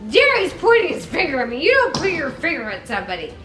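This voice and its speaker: A woman voicing an indignant, angry female housemate in a loud, sassy way. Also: high-pitched, huge pitch swings, quick pace, reverberant, music in the background, pitched above the performer's own voice.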